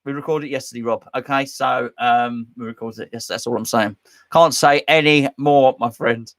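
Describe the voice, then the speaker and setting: A man's voice: medium pitch, steady tone, moderate pace, a bit bright. A man hosting a casual live stream from his home man cave, rambling and joking as he reads out chat comments. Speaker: host.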